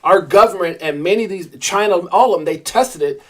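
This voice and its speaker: Animated New man hosting a live stream. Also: high-pitched, brisk. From Brownsville, Brooklyn, New York. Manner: animated, rambling, addresses chat viewers by name. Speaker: crypto livestream host. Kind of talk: live-stream commentary reading viewer chat.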